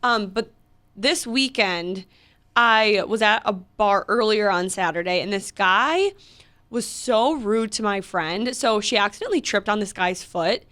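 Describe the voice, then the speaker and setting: A woman in her twenties co-hosting a casual podcast, telling a story with animated energy, lots of "like" and quick restarts. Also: medium pitch. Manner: animated storytelling, heavy use of "like", frequent restarts and laughs. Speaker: podcast co-host.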